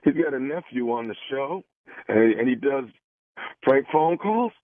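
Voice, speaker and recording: A man's voice: medium pitch, lively intonation, normal speed, dry recording. A man making a radio prank phone call, talking in a pushy, overwrought pleading way. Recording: tinny phone line.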